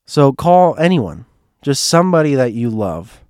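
A man with a hoarse, strained throat telling a personal story in a casual monologue, rambling and restarting, heartfelt with bits of joking. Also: medium pitch, sing-song, a little slow, a little mellow, no echo, studio quality.

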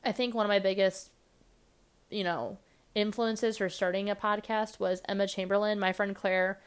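A young woman hosting her own podcast, talking fast and rambling casually with lots of fillers. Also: mid-range voice, fairly even intonation, clear, resonant tone. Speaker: podcast host. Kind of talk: casual solo podcast monologue.

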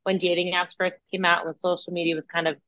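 A young woman co-hosting a podcast, talking casually and thinking out loud with lots of fillers. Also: fairly low pitch, level tone, quick pace, no room sound, highs cut off. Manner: talkative, thinks aloud with many fillers. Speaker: podcast co-host. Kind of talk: casual chat.

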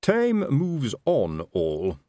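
A man's voice: mid-range voice, wildly swooping pitch, extremely slow, warm tone, no room sound, pitched above the performer's own voice, exaggerated voice. A man voicing a blustering, self-important middle-aged sergeant in an audiobook, with a raised, wheedling voice. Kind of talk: audiobook character voice.

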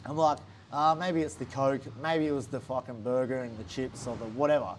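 A man's voice: medium pitch, fairly even intonation, brisk, slight background noise. A young Australian man, a fighter, telling a story in a casual interview, swearing a lot and acting out what others said. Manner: swears a lot, acts out quotes animatedly.

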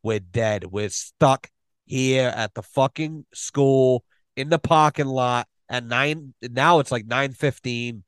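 A man telling a long story on a podcast, animated and full of swearing. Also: mid-range voice, slow pace, clear, resonant tone, dry recording. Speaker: podcast guest. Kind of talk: casual storytelling.

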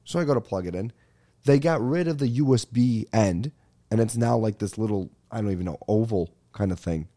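A man's voice: fairly low pitch, brisk, dark tone. A young man hosting a podcast, ranting casually and animatedly, swearing and calling everyone dude. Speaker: podcast host. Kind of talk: casual comedic rant.

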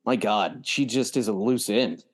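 A man co-hosting a casual TV recap chat, relaxed and quoting characters as he goes. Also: on the low side, measured pace. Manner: laid-back, quotes characters. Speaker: podcast co-host.

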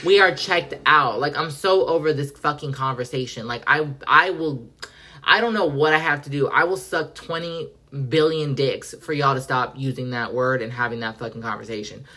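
A woman's voice: rumbling low, moderate pace, sharp tone. A woman hosting a podcast, ranting in a sassy, profane, slang-heavy way. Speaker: podcast host. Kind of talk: casual pop-culture rant.

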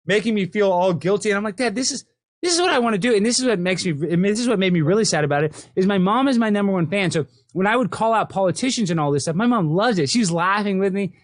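A man's voice: high voice, fast, hardly any pauses, no echo, studio quality. A man hosting a podcast in casual chat, rambling with many restarts and fillers over a video call. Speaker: podcast host.

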